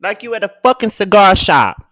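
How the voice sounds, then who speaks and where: A man's voice: sits high, very animated, fairly quick, bright, forceful tone. A man giving a casual rant as a commentator, sassy, profane and emphatic.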